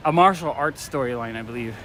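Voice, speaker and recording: A man livestreams while strolling a city street at night, holding a phone or camera, his mid-range voice moving at a quick pace against background noise. He rambles casually and eagerly, with lots of fillers and restarts.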